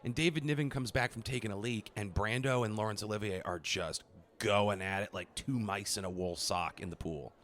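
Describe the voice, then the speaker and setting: A man's voice: fairly low pitch, fairly quick, fairly bright tone. A man co-hosting a comedy podcast, telling anecdotes in casual chat with a dry sense of humor. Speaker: podcast co-host.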